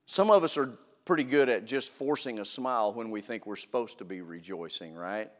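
A man's voice: lowish voice, normal speed. Earnest preacher man in a reverberant hall. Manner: earnest, emphatic, repeats phrases for stress. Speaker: pastor. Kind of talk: sermon. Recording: long reverb of a large hall.

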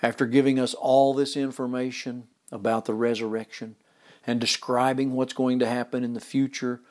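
A man preaching a sermon, reading scripture aloud and explaining it in an emphatic, deliberate way, dropping some phrases to a whisper. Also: mid-range voice, little pitch movement, darkish tone.

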